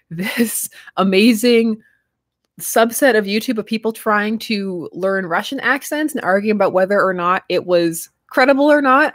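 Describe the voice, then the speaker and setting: A woman's voice: mid-range voice, fairly bright tone, no room sound, studio quality. A young woman streaming live, chatting casually with viewers, laughing often and trailing off mid-sentence. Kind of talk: casual livestream chat reading viewer comments.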